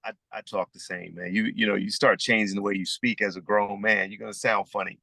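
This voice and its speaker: A man with a Southern US accent speaks as a podcast guest, swapping stories in an easygoing way. His voice is clear and bright, and the sound is dry and close with no room echo. He drops in a casual "man" now and then. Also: lowish voice, level tone, brisk. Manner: easygoing storyteller, calls people "man". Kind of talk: casual conversation.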